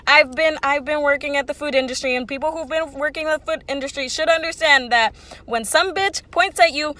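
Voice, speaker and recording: A woman's voice: high voice, a bit bright. A woman in her twenties telling a casual storytime, rambling and swearing freely with lots of "like". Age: 20s. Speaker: vlogger.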